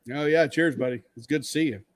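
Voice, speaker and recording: A man's voice: a little high, fairly bright tone, no echo. A man co-hosting a livestream in casual chat, joking and swearing in a laid-back way. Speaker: livestream co-host.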